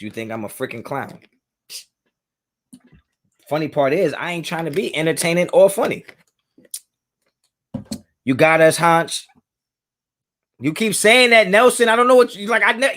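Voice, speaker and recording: This young streamer is easygoing as he goes over viewer messages, using plenty of slang. Frequent laughter and a pitch that swings up and down mark his speech, which has a slightly bright quality.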